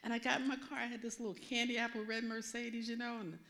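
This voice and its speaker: Bright-voiced woman minister telling her story. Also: on the high side, quick pace. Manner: animated storytelling with asides. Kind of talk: testimony sermon.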